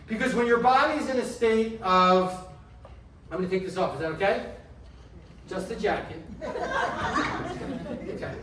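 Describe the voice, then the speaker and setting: A middle-aged man, a chiropractor, giving a motivational health talk to a live audience, asking them questions and slowing down to stress key phrases. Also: high voice. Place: indoor event room. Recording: roomy echo, mic from a distance, faint background noise.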